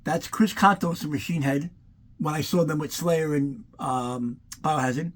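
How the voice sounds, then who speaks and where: A man talks to camera in a casual, rambling way. He swears often and gets animated as he tells his anecdotes. His voice sits a little higher than most men's. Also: measured pace. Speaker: collector giving a room tour.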